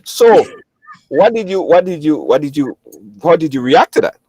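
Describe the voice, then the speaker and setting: A male host of a live call-in show sums up the story for listeners and questions his caller, often restarting his sentences. His voice sits a bit high and moves about lively. It is recorded dry and close. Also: moderate pace, no room sound, low-quality recording. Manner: recaps and checks in with the caller, stammering restarts.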